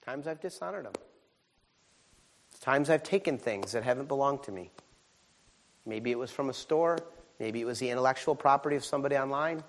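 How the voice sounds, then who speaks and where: A man preaching a sermon as a pastor, animated and humorous, swinging from quiet asides to shouted exclamations. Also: mid-range voice, a little fast, long pauses. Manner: humorous, self-deprecating.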